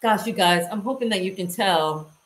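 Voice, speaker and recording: With a mid-range voice at a moderate pace, a woman vlogger shows how to do a hands-on task and chats with her viewers as she goes. Her lifestyle video is recorded with a roomy echo.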